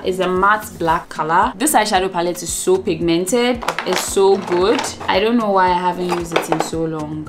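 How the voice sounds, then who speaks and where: A young woman vlogger chatting casually as she talks viewers through her makeup step by step, encouraging and relaxed. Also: on the low side. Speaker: beauty vlogger. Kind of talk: casual makeup tutorial talk.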